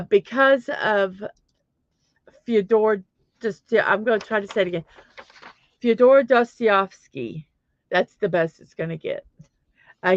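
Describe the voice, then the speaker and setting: A woman's voice: medium pitch, no room sound. A woman hosting a casual morning livestream, chatty and self-deprecating, greeting viewers by name as they arrive. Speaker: livestream host. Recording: dry, slightly muffled lo-fi audio.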